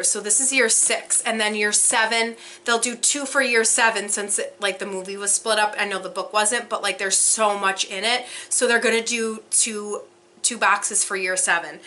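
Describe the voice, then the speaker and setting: Gushing woman with a bright voice. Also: fairly high pitch, slight background noise. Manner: gushing, breathless gasps and whispered awe. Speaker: unboxing vlogger. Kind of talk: casual unboxing chat.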